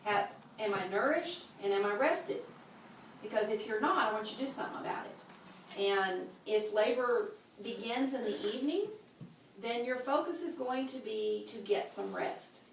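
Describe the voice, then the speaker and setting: A woman's voice: on the high side, expressive, normal speed, slight background noise. A woman teaching a childbirth class in a practical way, showing the moves as she explains them. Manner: practical, demonstrating with gestures. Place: classroom at a birth center. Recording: echoey room, mic far off.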